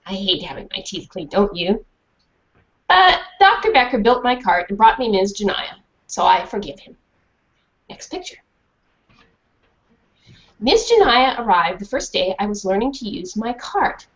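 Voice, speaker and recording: With a mid-range voice, a slightly slow pace, and frequent pauses, a female children's author reads a storybook aloud in a classroom. She animatedly asks the students questions, and the recording is dull and lo-fi.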